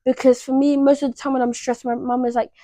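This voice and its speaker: A woman's voice: sits high, fast, dry recording. A teenage girl co-hosting a podcast, chatting casually with lots of filler words. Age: teens. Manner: chatty, animated, frequent "like" fillers. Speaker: podcast co-host. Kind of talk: casual chat.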